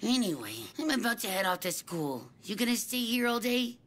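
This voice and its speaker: A man's voice: very high-pitched, very animated, fairly quick, full character voice. A man voicing a brash, wisecracking teenage schoolboy in an anime dub, teasing and smart-mouthed. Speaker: voice actor. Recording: dub clips over loud music. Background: background music.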